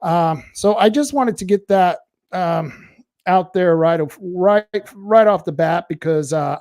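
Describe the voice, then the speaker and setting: A man's voice: on the high side, dark tone, dry recording, clean studio sound. A man hosting a local political web show in casual livestream commentary, blunt and sarcastic as he talks back to online commenters.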